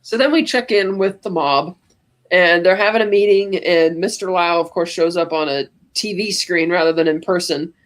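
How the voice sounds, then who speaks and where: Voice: mid-range voice, moderate pace. A podcast host retelling a film scene in a chatty, giggly way. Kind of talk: casual movie recap.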